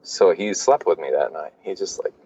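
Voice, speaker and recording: Low-voiced man telling a raw story. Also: moderate pace, warm tone, breathy edge, no room sound, dull audio. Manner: casual, swears freely, many fillers. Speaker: podcast guest. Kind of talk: candid storytelling.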